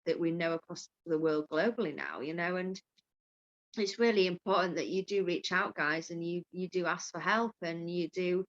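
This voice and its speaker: Speaking at a moderate pace in a lowish voice, a Yorkshire-born mindfulness coach has a frank, candid chat. She's open, swears now and then, and laughs easily, and the call audio is dull and lo-fi.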